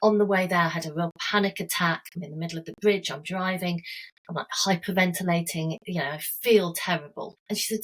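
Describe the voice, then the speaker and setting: A woman's voice: on the low side, quick pace, low-quality recording. A woman, a health coach guest, talking earnestly and telling stories with everyday examples in a conversational interview.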